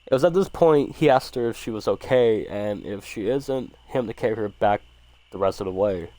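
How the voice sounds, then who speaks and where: Low-voiced man reading a horror story. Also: moderate pace, dark tone. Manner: casual, profanity-laced, stumbles and restarts.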